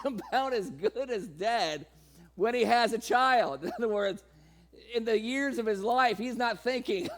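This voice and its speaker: A man delivers a sermon, laughing often and playfully performing the people in his reading. He acts out their quoted voices with sudden jumps in pitch.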